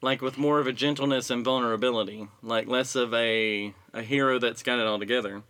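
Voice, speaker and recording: A man recounting a story in an easygoing, conversational way. His voice sounds bright and forward, and he clears his throat now and then as he goes. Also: medium pitch, fairly even intonation, brisk. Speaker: podcast co-host telling a story. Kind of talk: casual chat.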